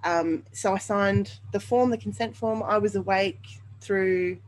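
A woman's voice: mid-range voice, steady tone, measured pace, a little hiss or hum, poor audio. A woman hosting a podcast, telling a personal story in a candid, rambling way with many fillers. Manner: candid, rambling, with many ums and you-knows. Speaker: podcast host.

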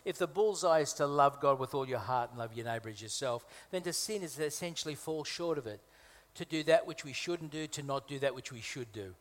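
A guest preacher from Malta gives a conversational sermon in a church hall, mixing humorous asides with emphatic repetition. His voice is a little high and a little fast, with hardly any pauses, and the hall is reverberant.

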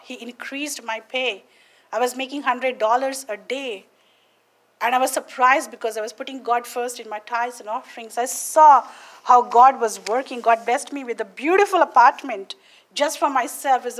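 A woman's voice: on the high side, steady tone, normal speed. A woman from India, preaching a testimony sermon on a podcast and often asking her listeners "Amen?".

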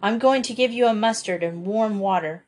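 A calm, capable farm girl, voiced by a woman reading a storybook aloud, giving orders in a composed, commanding way. The voice stays close to the reader's own. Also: medium pitch, moderate pace, natural voice.

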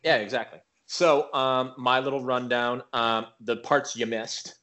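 A man co-hosting a casual podcast, recapping an episode in a rambling, animated way with lots of filler words. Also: medium pitch, unhurried. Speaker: podcast co-host.

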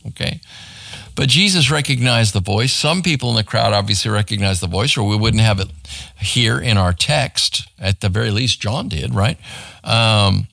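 A man's voice: medium pitch, lively intonation, normal speed, vocal fry, bright, forceful tone. A man, a pastor, teaching a Bible study to a small group in a church room in a conversational way, often checking in with "right?".

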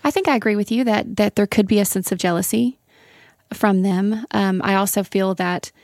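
A woman on a podcast giving thoughtful, measured answers in a casual Bible study discussion. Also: mid-range voice, gravelly, darkish tone, no room sound, clean studio sound.

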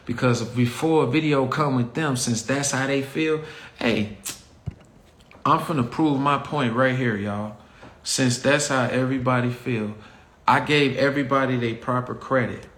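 In an echoey room with faint ambient noise, a Chicago-accented man hosts his own show with a mid-range, slightly bright voice at a measured pace. He talks straight to listeners in a blunt, heated rant thick with slang.

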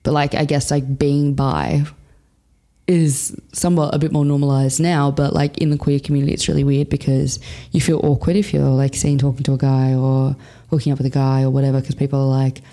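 A young Australian woman chats openly as an interview guest, swearing freely and leaning on fillers. Her voice is mellow and dark with a gravelly rasp at the ends of phrases. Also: a bass voice, little pitch movement, brisk. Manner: frank and swears freely, laughs a lot, chatty with many fillers. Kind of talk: casual candid chat.

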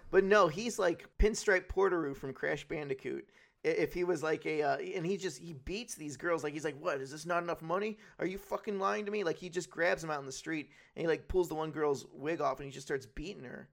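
A man co-hosting a podcast, talking in a loose, rambling way and swearing freely as he walks through film scenes. His voice is gravelly and sits a little high for a man. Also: fairly quick. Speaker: podcast co-host. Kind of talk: casual podcast chat.

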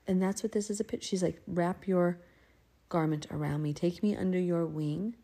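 Female bible study teacher, casual and conversational, warm low voice, reads scripture aloud and then breaks it down. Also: steady tone, normal speed. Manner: reads verses aloud, then explains them chattily; acts out the figures' lines in an everyday voice. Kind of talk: casual scripture reading and commentary.

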